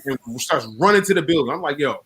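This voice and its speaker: A man co-hosting a casual podcast chat, telling stories with laughter and quick restarts. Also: fairly high pitch, animated, a bit bright, husky. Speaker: podcast co-host.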